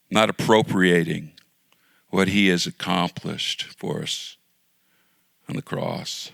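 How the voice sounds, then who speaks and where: Earnest low gravelly-voiced male pastor. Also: fairly bright tone, dry recording. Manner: earnest, pleading, drops to near-whisper at times. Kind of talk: sermon.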